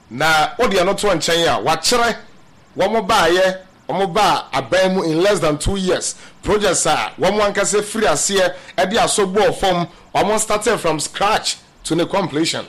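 A man's voice: high voice, fairly bright tone. A man giving emphatic political commentary in radio-style talk, mixing English phrases into his speech and addressing listeners as family.

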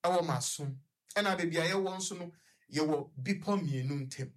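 A man with a Ghanaian accent, a guest on a radio talk show, telling a personal story in a halting, rambling way, full of fillers and restarts. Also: a little high. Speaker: guest recounting his experience.

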